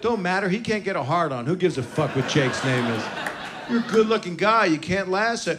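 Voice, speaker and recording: In a noisy live club recording, a sixtyish stand-up comic teases his audience between stories, his stage-mic set brash and full of profanity. His voice sits high and sounds expressive, moving at a fairly quick clip.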